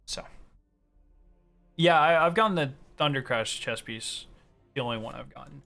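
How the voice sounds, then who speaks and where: A man chatting casually on a gaming stream, excitable and ranting with plenty of swearing. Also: mid-range voice, moderate pace, creaky, faint music behind.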